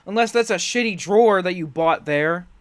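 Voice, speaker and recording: A man's voice: sits high, moderate pace, background noise. A man hosting a reaction video, giving sarcastic, profane commentary.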